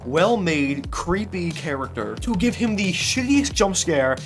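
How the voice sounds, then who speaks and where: A young man delivering game review commentary in an animated, ranting way, swearing often and laughing between points. His voice sits at a moderately high pitch. Soft music plays behind him. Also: measured pace. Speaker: gaming video creator. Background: soft background music.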